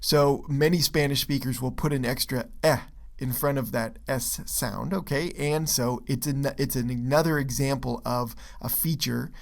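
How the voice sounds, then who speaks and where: A man giving a relaxed pronunciation lesson with a medium-pitched voice. He pauses to ask "okay?" and "right?" along the way, and talks with easy fillers and restarts. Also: vocal fry. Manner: checks in often with "okay?" and "right?". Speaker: English pronunciation teacher. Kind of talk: explanatory video lesson.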